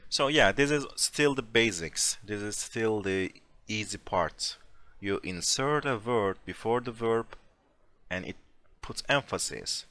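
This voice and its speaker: A man teaching a language class over a voice chat, explaining slowly and patiently with casual fillers. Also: on the low side, expressive, sharp tone. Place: home room, over a voice chat. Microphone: computer mic on a voice chat.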